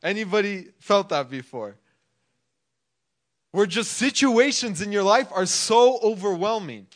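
A man's voice: sits high, animated, measured pace. A man preaching a casual sermon in a conversational way, full of "like" and acting out people's inner thoughts. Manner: conversational, filler-heavy, acts out inner thoughts.

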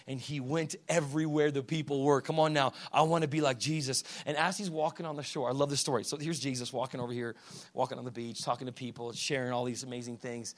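A man preaching a fervent sermon, swinging from low, quiet lines to shouted peaks and calling out to the congregation. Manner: calls out "come on now" to the congregation.

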